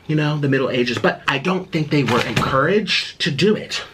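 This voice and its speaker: A man's voice: a little high, normal speed, heavy background noise. A man ranting in a casual vlog at home, indignant and exasperated, with a sarcastic edge. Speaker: vlogger. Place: at home in his apartment.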